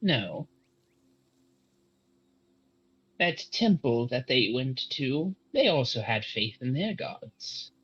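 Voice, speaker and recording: A man's voice: medium pitch, sing-song, slow pace, a bit bright, slightly rough, highs cut off, heavily acted. A man voicing a scheming old female hag who taunts and mocks with sly curiosity. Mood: mocking.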